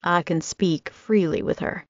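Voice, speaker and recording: A woman narrating a first-person audiobook with a steady, dramatic reading. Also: fairly low pitch, a little slow, dry recording. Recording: dry, slightly muffled recording.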